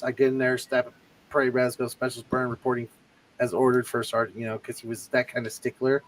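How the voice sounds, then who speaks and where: An army veteran co-hosting a livestream trades war stories in a casual chat, his mid-range voice moving at a quick clip over a rough recording. He swears freely and acts out the voices of the people he quotes, keeping the anecdotes animated.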